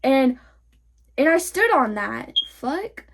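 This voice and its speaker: A woman's voice: a little high, moderate pace. Heated teenage girl telling a story. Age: teens. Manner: heated, profane retelling full of "like". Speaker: vlogger. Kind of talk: storytime vlog.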